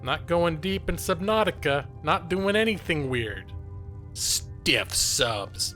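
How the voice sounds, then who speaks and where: Man, live game stream commentary, joking and giggling, bright forceful voice, slightly high, faint music. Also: expressive, slow pace. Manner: jokey, giggly, self-mocking. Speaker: gaming streamer and lawyer.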